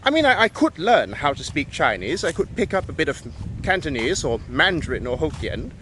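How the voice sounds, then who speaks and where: A man's voice: fairly high pitch, sing-song, brisk, a bit bright. British-accented man, opinionated monologue, dry asides, air conditioning and car noise behind. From Malaysia. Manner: opinionated, frank, sardonic asides. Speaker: commentator. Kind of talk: casual monologue.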